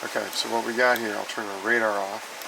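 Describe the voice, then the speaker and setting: Relaxed man on a noisy boat. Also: on the low side, a little fast, creaky. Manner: relaxed, explains things plainly. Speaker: sailing vlog host. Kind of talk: casual vlog narration. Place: outdoors on a sailboat at sea.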